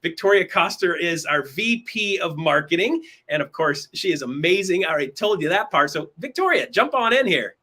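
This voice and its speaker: A man's voice: sits high, animated, brisk, few pauses, sharp tone. A man hosting a weekly online show, chatting in an upbeat, casual way with fillers and restarts. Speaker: host. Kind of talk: casual livestream talk show.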